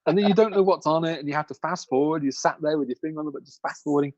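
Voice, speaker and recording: A man's voice: on the high side, rapid-fire, darkish tone, muffled recording. A man co-hosting a casual podcast chat, rambling with lots of fillers and frequent laughter. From outside America, lived in Chicago. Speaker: podcast co-host.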